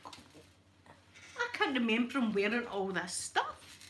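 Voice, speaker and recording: A woman's voice: on the high side, huge pitch swings, takes it slowly, pauses often, fairly bright tone. A middle-aged Scottish woman chatting casually on a livestream while she irons, telling stories and laughing often. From Scotland. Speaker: ASMR livestream host.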